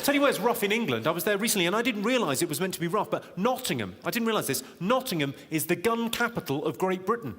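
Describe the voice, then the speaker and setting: A man's voice: sits high, very animated, quick pace, few pauses, a little hiss or hum. A man doing a stand-up comedy routine in a large theatre, with a wry, punchline-driven delivery that teases the crowd. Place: large theatre venue with a live audience. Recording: echoey hall, loud audience laughter.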